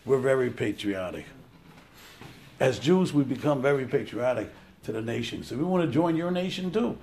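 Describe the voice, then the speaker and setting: Animated, gravelly man teaching scripture. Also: mid-range voice, moderate pace. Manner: animated, storytelling, acting out quotes. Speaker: Torah teacher. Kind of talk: informal religious lecture.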